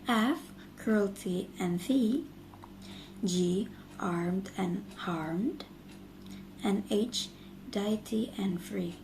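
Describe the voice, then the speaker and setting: A young woman student giving a class presentation, reading her part in a steady, list-like way. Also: medium pitch, gravelly, rough recording. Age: young adult. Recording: faint background noise.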